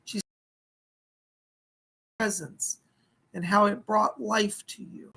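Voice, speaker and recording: A hoarse man, who says he is losing his voice, giving live-streamed psychic readings in a chatty, folksy way and thanking viewers by name. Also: high voice, fairly even intonation, takes it slowly, sharp tone, low-quality recording. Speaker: psychic medium.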